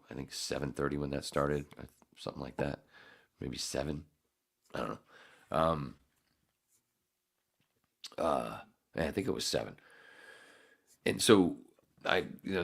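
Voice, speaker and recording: A man's voice: extremely low pitch, creaky, fairly bright tone. A man hosting a podcast, telling a rambling, profane, self-mocking story full of restarts. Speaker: podcast host. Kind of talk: casual chat.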